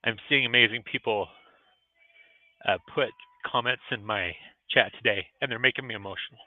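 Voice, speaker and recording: A man's voice: mid-range voice, moderate pace, no room sound. A middle-aged man hosting a motivational livestream vlog from a restaurant, talking in an earnest, encouraging way. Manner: earnest and encouraging, emotional at times. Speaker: vlogcast host. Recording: tinny phone-like audio.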